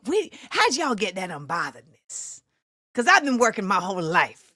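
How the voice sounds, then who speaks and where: A woman in her forties hosting a livestream talk show, chatting animatedly and breaking into sing-song shout-outs to the chat. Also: mid-range voice, wildly swooping pitch, normal speed, no room sound, studio quality. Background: faint music.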